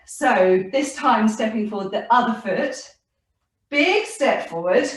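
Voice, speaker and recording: A woman teaching a yoga class for children, gentle and encouraging, laughing now and then, recorded at home by a camera across the room. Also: fairly high pitch, distant mic. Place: home room with her dog and cat. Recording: very echoey room, voice from off-mic.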